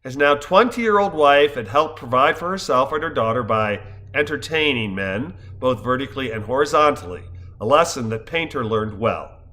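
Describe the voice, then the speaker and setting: A man's voice: mid-range voice, animated, normal speed, bright, forceful tone. A man in his fifties, a stage actor, giving a wry, scripted narration full of wordplay. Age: 50s. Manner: wry, wordplay-laden storytelling.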